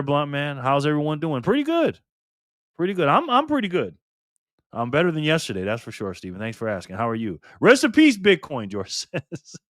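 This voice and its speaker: A man's voice: medium pitch, a bit bright, clear, resonant tone, dry recording, studio quality. A man hosting a casual live stream, greeting viewers by name and reading chat aloud in a friendly, chatty way while recovering from illness.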